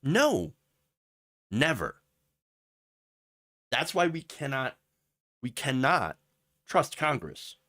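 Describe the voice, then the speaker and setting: A man's voice: mid-range voice, very animated, extremely slow, long pauses, pushed and bright. A man hosting a political commentary livestream, ranting with sarcasm and then rambling through viewer messages. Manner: impassioned, ranting, with sarcastic mock quotes; rambling asides with fillers, reads chat messages.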